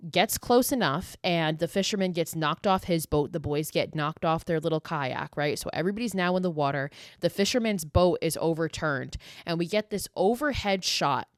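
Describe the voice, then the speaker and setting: A woman's voice: fairly low pitch, no echo, clean studio sound. Emphatic woman in her late twenties, swearing freely. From US East Coast. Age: late 20s. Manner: emphatic, profane, animated storytelling. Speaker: podcast host. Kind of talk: casual solo podcast monologue.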